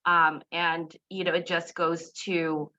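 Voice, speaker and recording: A woman's voice: fairly low pitch, level tone, takes it slowly, sharp tone, highs cut off. A woman speaking as a candidate in an online meeting, upbeat and reflective, with many fillers. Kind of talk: virtual meeting speech.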